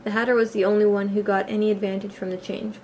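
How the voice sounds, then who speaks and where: A woman narrating a storybook audiobook in a plain, steady reading voice with a few small slips. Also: mid-range voice, fast, a little hiss or hum. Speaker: audiobook reader.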